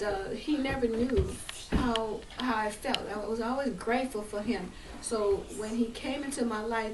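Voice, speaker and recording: A woman's voice: a little high, a little hiss or hum. An older woman telling heartfelt family stories, laughing and emotional at times. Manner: warm, laughing, emotional storytelling. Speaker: speaker at a family gathering. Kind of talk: heartfelt storytelling. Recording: echoey room, voice from far off.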